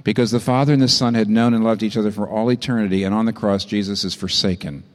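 A man preaching a sermon, impassioned, climbing to high emphatic peaks and then dropping low. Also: steady tone, fast, big-room sound.

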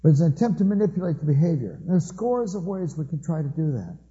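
A man's voice: a little high, big pitch swings, fast, warm tone, dull audio. A man preaching a family sermon through anecdotes, acting out the people he quotes. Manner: storytelling, acts out quoted voices.

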